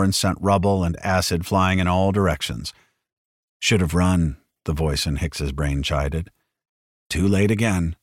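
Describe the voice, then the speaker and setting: Deep-voiced man narrating a dramatic audiobook. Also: dry recording, clean studio sound. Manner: shouts character lines at full force.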